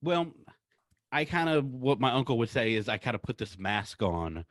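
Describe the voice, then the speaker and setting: A man's voice: medium pitch, big pitch swings, moderate pace, a bit bright. A man hosting a podcast who chats casually and tells stories in a rambling way, laughing as he goes. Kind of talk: casual chat.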